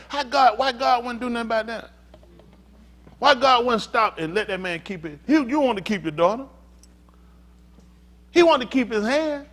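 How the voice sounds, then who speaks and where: A man preaching a sermon as pastor, swinging from hushed talk to shouting. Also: extremely high pitch.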